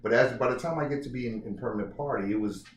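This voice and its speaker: A man being interviewed about his book, telling stories in a lively, halting way and acting out what others said. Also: mid-range voice, a little hiss or hum. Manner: animated, restarts often, acts out quotes. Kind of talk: casual interview storytelling. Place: indoor room. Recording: roomy, distant mic, faint ambience.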